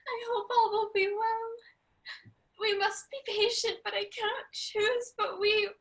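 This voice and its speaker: Actress voicing a mad young woman, high and slow, bright drifting sing-song for a play reading. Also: fairly even intonation, exaggerated voice. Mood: mournful drifting. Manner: sing-song, drifting, laughing between lines. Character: Ophelia, grieving young woman driven to madness. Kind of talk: amateur remote play reading.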